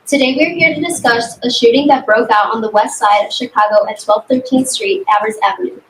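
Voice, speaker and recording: A teenage girl playing prosecutor in a school mock trial, rushing through a read-aloud opening statement. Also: fairly high pitch, echoey room, a little hiss or hum, poor audio. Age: teens. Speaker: student prosecutor.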